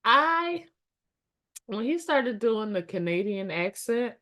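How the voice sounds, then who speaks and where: Slow, bright-voiced woman co-host. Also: a little high. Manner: expressive, hollers and exclaims while retelling reactions. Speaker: podcast co-host. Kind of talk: casual chat.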